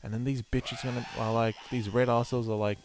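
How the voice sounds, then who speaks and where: A man's voice: medium pitch, little pitch movement, a little fast, a little hiss or hum. A man giving casual let's-play commentary while sleepy and yawning, rambling and swearing freely. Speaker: gameplay commentator.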